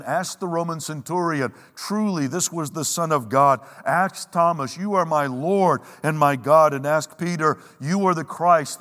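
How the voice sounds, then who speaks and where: A man preaching a sermon in a big church hall, his voice trailing off into long reverb. His pitch sits a little higher than most men's. He is emphatic and pauses for effect, slowing down to lean on each word of scripture. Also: a bit bright.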